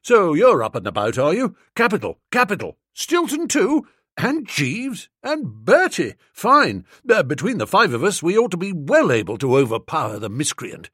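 A man voicing a boastful, excitable young English gentleman who talks in a brisk, patronizing way. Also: fairly high pitch, slightly rough, no room sound, clean studio sound, full character voice. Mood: self-satisfied. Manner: brisk, self-satisfied, patronizing.

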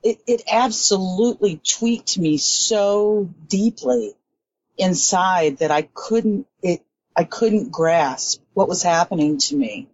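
Low-voiced woman recounting a memory. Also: slow pace, a little mellow, dry recording. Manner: earnest, reflective. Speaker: interview guest. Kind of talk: casual storytelling. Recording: dull lo-fi sound.

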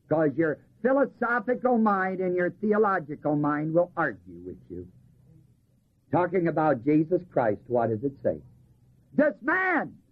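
A man preaching a sermon. He reads scripture, asks the congregation to fill in the missing words, and slows down to stress key phrases. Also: high-pitched, husky. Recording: tinny lo-fi recording.

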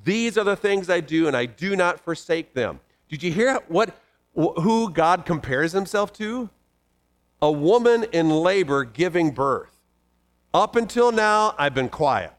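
A man preaching a sermon, reading scripture passages aloud and commenting on them with animated emphasis. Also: fairly high pitch, unhurried. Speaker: pastor.

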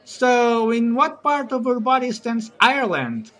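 A man voicing a curious, nosy gentleman with a raised, eager questioning voice. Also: very high voice, big pitch swings, unhurried, voice pushed up, exaggerated voice.

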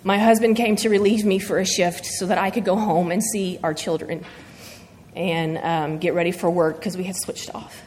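A woman sharing a personal faith testimony before her church, speaking earnestly and haltingly through emotion. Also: on the low side, steady tone, darkish tone, a little hiss or hum. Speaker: church member giving testimony. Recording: long reverb of a large hall.

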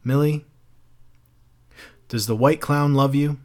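A man's voice: mid-range voice, fairly even intonation, slow, close to an everyday voice. A man voicing a troubled, searching fireman who talks earnestly and urgently.

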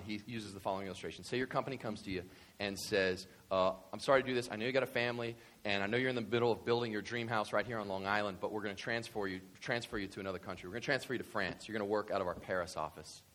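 Animated man preaching a sermon. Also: on the low side, very fast. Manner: animated, swings from quiet to loud excited bursts. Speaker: pastor.

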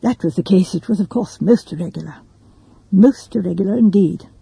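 A woman's voice: lowish voice, fairly quick, vocal fry, mellow, husky, no echo, exaggerated voice, rough recording. A woman voicing a cautious, formal elderly lawyer. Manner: formal, hedging.

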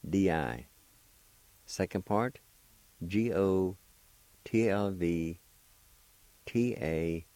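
A man with a very low, warm voice takes his time. He spells and sounds out words letter by letter and encourages his listeners. The sound is close and dry, with no room around it. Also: no echo. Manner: slow, patient, encouraging. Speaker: language teacher and radio host. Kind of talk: spelling and pronunciation lesson.

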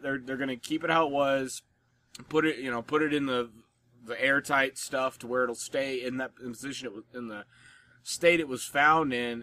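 A man's voice: medium pitch, pushed and bright. An American man co-hosting a podcast in casual chat, rambling with lots of "like" fillers. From United States. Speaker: podcast co-host.

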